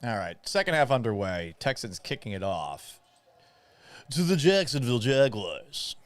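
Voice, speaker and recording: A man in his thirties, raised in Florida, hosts a live watch party with loose, rambling commentary. He reads viewer messages and jumps back to the plays. His voice sits at an ordinary pitch and sounds dry and close. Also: very animated, moderate pace, no echo. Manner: rambling, reads viewer chat, play-by-play asides. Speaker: sports talk host.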